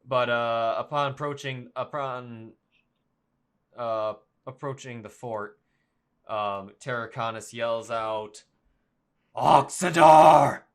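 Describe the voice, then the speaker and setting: A man narrating as dungeon master of an online tabletop game, halting and full of ums and restarts. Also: medium pitch, steady tone, a bit bright, clean tone.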